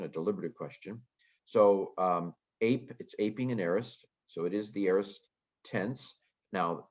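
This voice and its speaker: Deep-voiced man teaching Greek grammar. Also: lo-fi sound. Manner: relaxed, thinking aloud with frequent ums. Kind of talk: casual lecture on Greek grammar.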